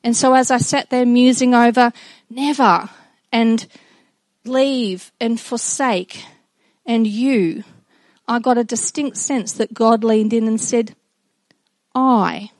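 A middle-aged woman giving a personal devotional talk to children and a congregation, earnest and reflective, with halting restarts. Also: on the high side, fairly even intonation, darkish tone, no room sound. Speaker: speaker addressing children and congregation.

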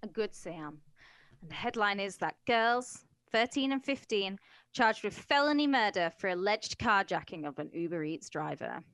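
A woman's voice: medium pitch, expressive, moderate pace, fairly bright tone, dry recording. A woman co-hosting a podcast, chatting in a wry, sarcastic way while retelling news stories. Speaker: podcast co-host.

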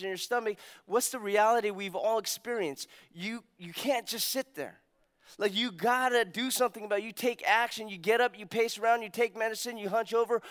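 A man preaching a sermon as pastor, telling stories with energy and dropping to hushed emphasis on key points. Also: sits high, clean tone. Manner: animated storytelling, acts out quotes, drops to hushed emphasis.

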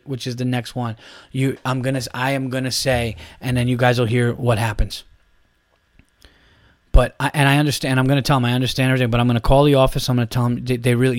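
A man's voice: mid-range voice, no echo, studio quality. A man in his thirties hosting a solo podcast, ranting in a heated, profane, rambling way. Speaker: podcast host.

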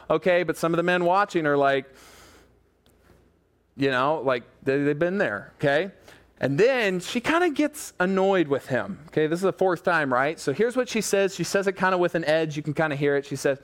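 A man preaching a sermon, retelling a Bible story with lively asides and acted-out quotes to his congregation. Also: fairly high pitch, moderate pace. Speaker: pastor.

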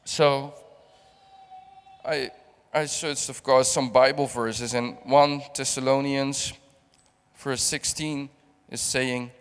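A man's voice: mid-range voice, fairly even intonation, clear, resonant tone. A middle-aged man from the Netherlands preaching a heartfelt sermon, often repeating and restarting his words. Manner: halting, repeats words, emotional testimony. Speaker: guest preacher. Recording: long hall reverb.

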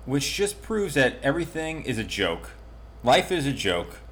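A man hosting a podcast in casual chat, joking in a dry, deadpan way. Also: medium pitch, measured pace, a little hiss or hum. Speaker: podcast host.

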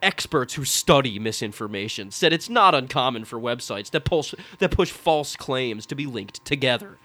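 A man's voice: mid-range voice, animated, normal speed, sharp tone. A man co-hosting a comedy podcast, reading an article aloud and breaking into laughing, profane asides. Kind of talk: casual comedic chat.

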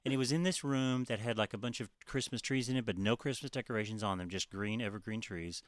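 Low-voiced man in profane chat. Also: fast, no room sound. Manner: profane, mocking, laughs often. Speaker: podcast co-host. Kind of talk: casual chat.

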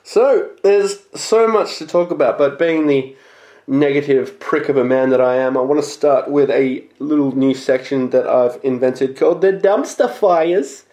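Excitable podcasting man in an echoey room. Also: mid-range voice, moderate pace. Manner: blunt, excitable, swears casually. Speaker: podcast host. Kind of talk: casual sports betting podcast monologue.

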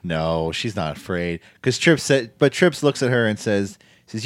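A man's voice: on the low side, lively intonation, unhurried, dry recording, studio quality. A man casually recapping a show to a co-host, acting out quoted lines as he goes. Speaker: podcast co-host. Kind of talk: casual wrestling recap chat.

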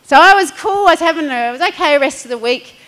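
A middle-aged woman preaching a sermon as a pastor. She tells stories in a chatty way, acting out little quotes and laughing along. Her voice sits fairly high. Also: animated, fast talker, fairly bright tone, rough recording.

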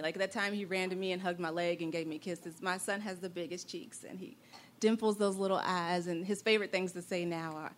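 A young adult woman telling a personal story in an animated, playful way, acting out the voices she quotes. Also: on the low side.

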